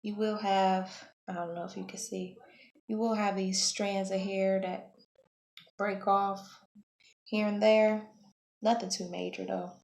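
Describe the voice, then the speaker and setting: A woman hair vlogger talking through her wash-day routine in a relaxed, chatty way, often correcting herself mid-sentence. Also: medium pitch, measured pace, vocal fry, pauses often. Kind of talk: casual how-to vlog. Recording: echoey room, faint background hum.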